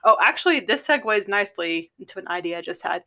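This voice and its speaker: A woman's voice: mid-range voice, animated, quick pace, pushed and bright. A woman co-hosting a podcast in casual chat, chatty with frequent fillers and laughter. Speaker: podcast co-host.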